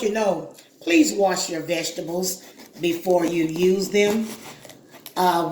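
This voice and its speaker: A woman's voice: lowish voice, a little mellow, echoey room, a little hiss or hum. A woman hosting a cooking video, chatting casually and giving step-by-step instructions straight to the viewer.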